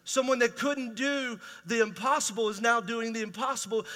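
A man's voice: very high-pitched, normal speed, few pauses, bright, forceful tone. A middle-aged man preaching a sermon as pastor, raw and conversational, asking his congregation rhetorical questions. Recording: reverberant hall.

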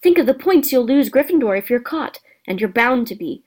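Lady putting on a bossy know-it-all schoolgirl, shrill and a bit higher, lecturing. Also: lively intonation, brisk, darkish tone. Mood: indignant lecturing.

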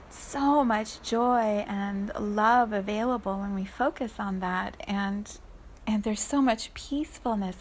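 Chatty woman telling a story, fairly high voice. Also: a little hiss or hum. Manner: chatty, animated, laughs often. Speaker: energy healer. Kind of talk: casual storytelling monologue.

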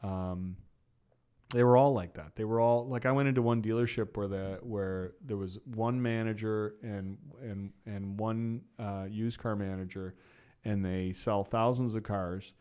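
A man's voice: fairly low pitch, fairly even intonation, a little slow, dark tone, clear, resonant tone. A middle-aged man as an interview guest, telling long stories in a rambling way, full of "you know" and restarts. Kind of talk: casual storytelling interview.

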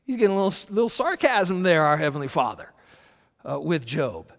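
A man's voice: fairly high pitch, brisk, big-room sound. A man preaching a sermon, reading scripture with rising force and breaking into conversational asides. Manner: animated, rising loud when quoting scripture, conversational asides. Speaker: pastor.

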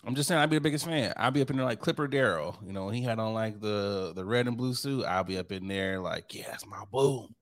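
A man's voice: lowish voice, fast, few pauses. A man co-hosting a casual podcast, talking in loose, joking banter. He keeps riffing on his own bits and laughs at them often. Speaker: podcast co-host.

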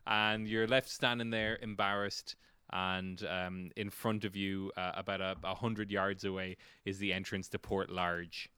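Male GM, playful narrator, dry close-mic sound, forceful tone. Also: low voice, a little slow, clean tone, no echo. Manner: relaxed, descriptive, playful. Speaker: game master. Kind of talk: narrating a tabletop game.

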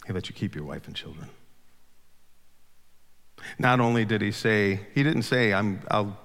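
A man preaching a sermon who keeps asking the congregation questions, swinging between loud, urgent lines and hushed ones. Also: on the low side, lively intonation, unhurried. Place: church sanctuary with congregation. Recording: long hall reverb.

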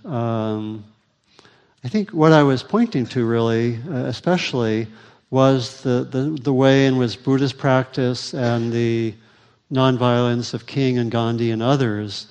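A man giving a Buddhist teaching and answering questions, speaking thoughtfully with frequent pauses and fillers. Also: medium pitch, a little mellow, clean tone. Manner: thoughtful, halting, many fillers. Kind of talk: dharma talk Q&A. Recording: reverberant hall.

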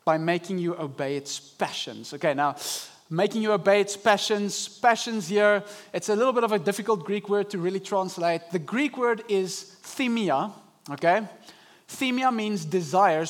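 Young male pastor, high-pitched, animated sermon delivery. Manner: animated preaching, acting out inner voices. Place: church service.

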